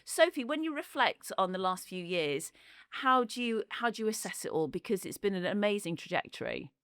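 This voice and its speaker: A woman's voice: medium pitch, expressive, a little fast, a bit bright, smooth, dry recording, studio quality. A woman, hosting a podcast in a friendly, chatty way and asking follow-up questions. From Cheshire, England. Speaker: podcast host. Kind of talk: casual interview chat.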